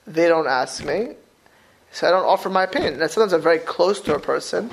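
Animated high-pitched rabbi teaching. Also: male voice, fast, creaky, breathy edge. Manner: animated, repeats words, exclamatory rhetorical questions. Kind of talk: Torah class.

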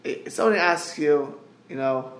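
A man giving a Torah class over a group call, earnest and halting, quoting Hebrew verses and translating them. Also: on the high side, fairly bright tone, roomy sound. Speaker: Torah teacher. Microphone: group call line.

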